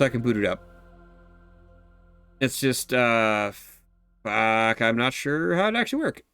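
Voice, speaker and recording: A man's voice: medium pitch, lively intonation, moderate pace, pauses often, over music. A man streaming a game, chatting casually, rambling and laughing as he reacts to chat.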